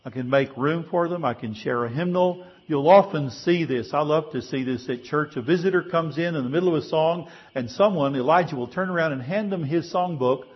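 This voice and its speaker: A man's voice: on the high side, brisk, hardly any pauses, breathy edge, highs cut off. A male pastor preaching a sermon in a conversational way, asking his congregation rhetorical questions.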